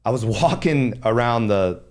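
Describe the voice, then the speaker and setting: A man's voice: medium pitch, animated, unhurried, darkish tone. A man hosting a podcast, talking candidly and casually, with frank swearing and reflective asides. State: emotional. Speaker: podcast host. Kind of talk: casual interview chat.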